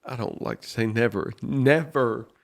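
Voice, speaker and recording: A man's voice: medium pitch, normal speed. Emphatic man host recalling his childhood. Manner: animated, emphatic, says "dude". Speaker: podcast host. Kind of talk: casual conversation.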